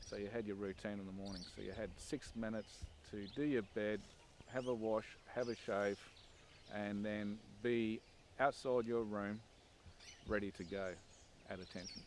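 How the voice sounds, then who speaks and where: A man's voice: fairly low pitch, fairly even intonation, moderate pace, slight background noise. A man, recalling his army training in a casual, wry documentary interview, with frequent "um"s and "and"s. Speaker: former army recruit, interviewee. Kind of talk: documentary interview, anecdotal recollection.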